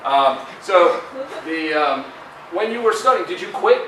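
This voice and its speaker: In an echoey lecture hall, a middle-aged male guest lecturer gives a conversational university career talk packed with fillers and tag questions. His fairly high voice is expressive and a little slow, recorded far from the mic with background noise.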